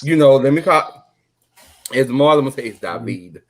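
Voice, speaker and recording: A man hosting a casual group chat on an online call, loud and joking, swearing freely. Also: medium pitch, fairly even intonation, normal speed. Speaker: podcast host.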